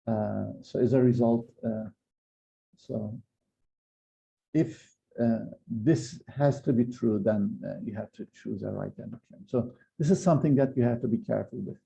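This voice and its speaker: A man's voice: medium pitch, unhurried, gravelly, warm tone. A man giving a university physics lecture, explaining step by step with frequent hesitations and restarts. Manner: hesitant, many fillers and restarts while explaining. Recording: slightly dull lo-fi lecture recording.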